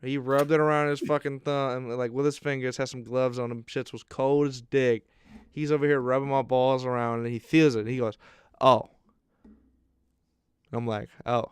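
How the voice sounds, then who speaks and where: A young man chats on a podcast, telling a profane story with animated energy and frequent laughter. His voice is smooth and resonant at a middle pitch. The sound is close and dry, with no room around it. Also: a little fast, no echo. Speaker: podcast co-host. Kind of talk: casual chat, storytelling.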